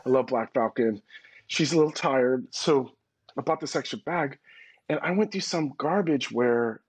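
Husky-voiced man telling stories. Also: mid-range voice, normal speed, dry recording. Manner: animated, slangy, swears casually. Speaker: podcast guest. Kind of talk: casual storytelling chat. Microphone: phone call-in.

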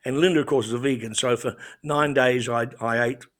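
A man's voice: medium pitch, steady tone, a little fast, fairly bright tone. A man with an Australian accent chatting as a regular on a talk show, telling stories with many restarts and fillers. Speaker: regular commentator. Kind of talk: casual radio chat.

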